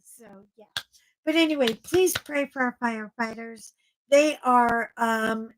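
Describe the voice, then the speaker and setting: A woman's voice: high voice, fairly bright tone, rough recording. A woman with a Texan accent rambling chattily to her viewers in casual, salty talk. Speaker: vlogger. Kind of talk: casual chat.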